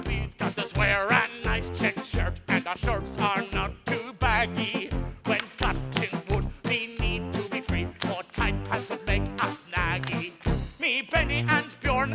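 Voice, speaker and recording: A man's voice: extremely high pitch, full character voice. A man playing a goblin who poses as a jolly Swedish woodcutter, with a put-on Swedish accent, sing-song and giggly, in a pantomime with songs. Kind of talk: pantomime stage acting with songs.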